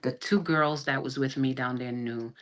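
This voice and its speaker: A woman's voice: rumbling low, normal speed. A middle-aged woman, an army sergeant, telling her own story as a podcast guest, acting out what people said, with frequent restarts. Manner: animated retelling that acts out quoted dialogue, with frequent restarts. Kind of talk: personal storytelling in a podcast interview. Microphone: video call.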